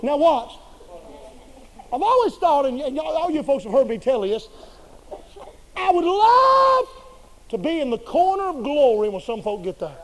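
A man preaching a sermon in a folksy, humorous and colloquial way, swinging between quiet asides and loud bursts. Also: extremely high pitch, sing-song, moderate pace, slight background noise, rough recording.

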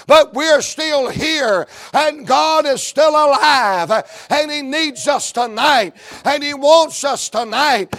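A man preaching a sermon, building rhythmic, repetitive lines up to shouts and acting out stories with quoted dialogue. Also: very high voice, creaky.

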